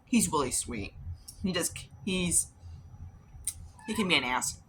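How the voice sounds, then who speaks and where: A woman's voice: deep voice, expressive, slow, fairly bright tone, slight background noise. A woman vlogging while doing her makeup, rambling casually through stories and acting out what others said. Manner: rambling, chatty, acts out quoted voices, swears casually. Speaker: beauty vlogger.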